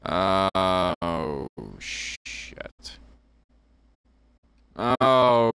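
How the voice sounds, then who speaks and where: A man's voice: low voice, lively intonation, very slow, fairly bright tone, clear, resonant tone, no room sound. A man streaming a game, muttering to himself and swearing freely as he plays. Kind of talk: live game commentary.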